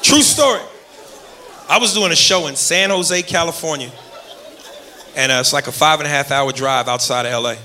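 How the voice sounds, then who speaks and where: Rowdy high-voiced stand-up comedian. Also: male voice, normal speed, long pauses. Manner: loud, rowdy, profane, frequent shouting. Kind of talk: stand-up routine. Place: comedy club stage. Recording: roomy club with loud crowd.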